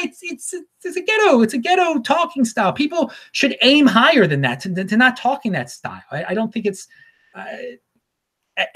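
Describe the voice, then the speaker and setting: A man hosts his own talk show alone. He rambles and stammers, doubling his words and chuckling between thoughts. His voice rises and falls in a lively, animated way. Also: high voice. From Baltimore, USA. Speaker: show host. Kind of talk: casual solo commentary.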